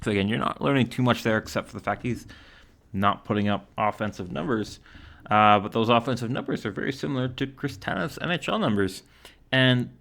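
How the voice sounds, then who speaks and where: A man's voice: mid-range voice, a bit bright. A man from Canada giving casual solo commentary, reading out stats and quotes with lots of fillers. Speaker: hockey commentator.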